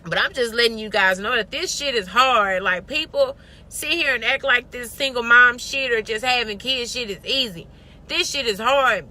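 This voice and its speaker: A woman's voice: on the high side, normal speed, sharp tone. A young woman venting candidly to camera, telling a story with plenty of swearing. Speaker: vlogger.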